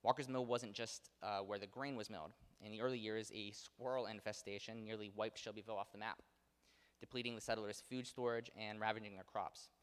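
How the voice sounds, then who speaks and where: A man's voice: lowish voice, fairly even intonation, fairly quick, smooth. A man giving a local history lecture in a conversational way, with many fillers and self-corrections. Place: theater auditorium. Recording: long hall reverb.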